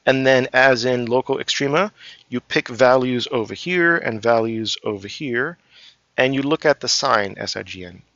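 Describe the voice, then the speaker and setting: Male lecturer, patient step-by-step explainer with many "um"s, crisp edgy tone, dry close sound. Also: mid-range voice, normal speed, fairly bright tone, no echo. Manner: explains step by step with frequent "um" and "right?". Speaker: math professor. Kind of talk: recorded calculus lecture. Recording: dry, slightly dull lo-fi recording.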